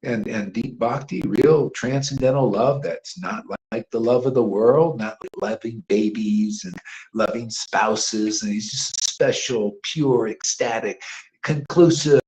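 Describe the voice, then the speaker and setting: A devotional teacher leading a chanting gathering gives an informal, rambling, emphatic sermon, swinging between hushed asides and loud outbursts. He peppers his talk with slangy "man" and "you know." His voice is medium-pitched and measured, captured in a rough recording.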